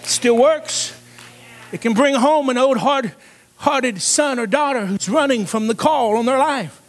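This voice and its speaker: A man preaching a revival sermon in a church, fervent and calling for responses from the congregation, often rising into shouts. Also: extremely high pitch, a little slow. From Cincinnati area. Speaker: evangelist preacher. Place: church sanctuary.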